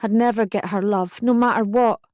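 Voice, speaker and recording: A woman's voice: mid-range voice, steady tone, moderate pace, a little mellow, dry recording, clean studio sound. A young woman narrating a true first-person memoir as an audiobook, intense and emotional in her retelling.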